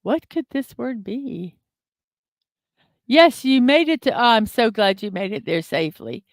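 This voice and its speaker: With a fairly high, expressive voice and an unhurried delivery, a woman hosts her casual daily morning stream over a word puzzle. She reasons out loud, fills pauses with ums and uhs, and reads viewers' comments, all recorded through a desk mic in studio quality without echo.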